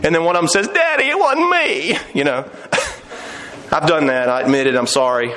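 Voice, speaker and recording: A man's voice: medium pitch, normal speed, fairly bright tone. A middle-aged man preaching a sermon, telling folksy stories and building to fervent emphasis. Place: church sanctuary. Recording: long reverb of a church hall.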